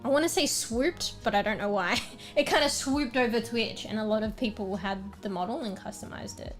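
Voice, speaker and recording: A woman's voice: fairly high pitch, a little fast, soft background music. Rambling young Australian woman streamer. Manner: rambling, filler-heavy, chatty. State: slightly losing her voice, clearing her throat. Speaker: livestreamer. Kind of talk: casual chat with stream viewers. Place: small room at home.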